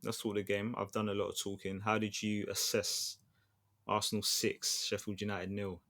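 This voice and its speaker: A man's voice: lowish voice, monotone, moderate pace, a bit bright. Slangy, chatty football podcast man. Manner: chatty storyteller, slangy, restarts often. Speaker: podcast co-host. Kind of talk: casual football chat.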